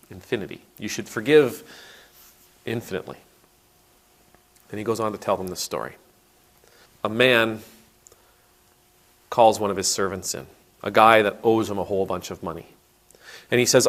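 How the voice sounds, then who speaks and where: An Anglican priest delivers a casual, conversational video sermon on a parable, acting out its characters with voices and often restarting his sentences. His voice is on the low side and fairly bright, at a moderate pace with long pauses.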